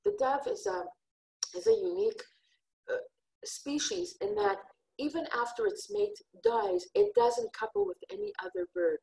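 A woman's voice: very high voice, animated, normal speed, creaky, a little mellow, rough recording. A woman giving an earnest, heartfelt religious lesson on scripture. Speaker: Torah teacher.

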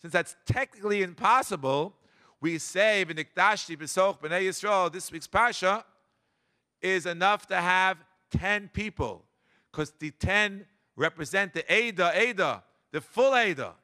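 Animated older man teaching a class. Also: sits high, measured pace. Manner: animated, dramatic emphasis, frequent Hebrew and Yiddish terms. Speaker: cantor. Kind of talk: Torah lesson with personal memories.

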